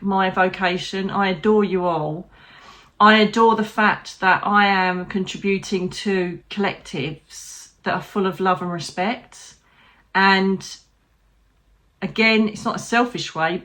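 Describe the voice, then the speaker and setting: A woman's voice: mid-range voice, fairly bright tone. Candid British woman speaking heartfelt to camera. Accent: British English. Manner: heartfelt and candid, with frank swearing and light humour. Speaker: psychic medium. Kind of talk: personal vlog talking to camera.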